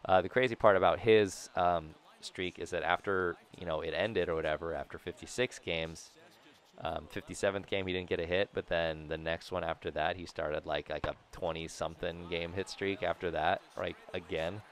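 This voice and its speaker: A man's voice: low voice, fairly even intonation, moderate pace. A young man rambling and joking to viewers while commentating a video game he is playing. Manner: rambling, jokey, talks to viewers; bursts into loud shouting at big plays. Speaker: gaming video host. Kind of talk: casual gameplay commentary.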